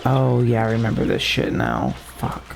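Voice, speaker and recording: Male streamer, casual gaming chat, rambling, self-mocking, swears casually, mid-pitched voice, faint game music behind. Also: big pitch swings, normal speed, gravelly.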